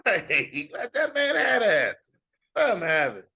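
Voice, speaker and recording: Animated man ranting on a podcast. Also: sits high, slow pace, gravelly, breathy edge. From Fayetteville, North Carolina. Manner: animated, laughing rants with slang. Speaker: podcast co-host. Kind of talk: casual sports banter.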